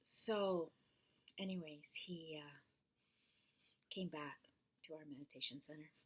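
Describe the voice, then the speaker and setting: A woman telling a personal story in a casual, conversational way, often dropping into a breathy near-whisper. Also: low-pitched, slow.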